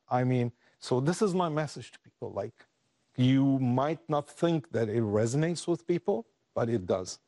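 A man as an interview guest, telling a personal story earnestly, halting and restarting as he grows emotional. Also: medium pitch, animated, dark tone, no room sound, studio quality. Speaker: interview guest, refugee aid worker.

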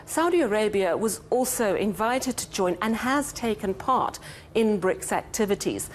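Woman reading the news, steady. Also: medium pitch, slight background noise. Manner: measured, steady delivery. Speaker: news anchor.

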